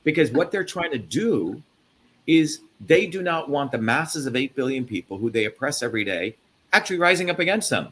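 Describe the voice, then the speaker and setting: A man from India hosting a live interview, talking emphatically and profanely with loud swings of pitch. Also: expressive, a little fast. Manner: emphatic, profane, mocking put-on voices. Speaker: host.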